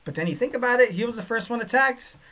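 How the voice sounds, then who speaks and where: A man hosting a casual solo podcast, rambling with lots of fillers and getting excitable. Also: very high-pitched, fast. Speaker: podcast host.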